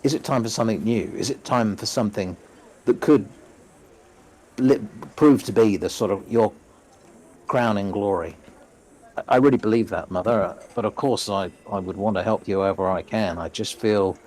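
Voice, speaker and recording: A man's voice: fairly low pitch, a little mellow, a little hiss or hum, natural voice. Man playing an earnest, stammering young son. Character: earnest young man pleading with his mother.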